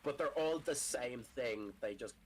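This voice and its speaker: A man's voice: medium pitch, unhurried, a little hiss or hum. A man chatting bluntly on a stream call, swearing casually as he explains things. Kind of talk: casual group chat on a call.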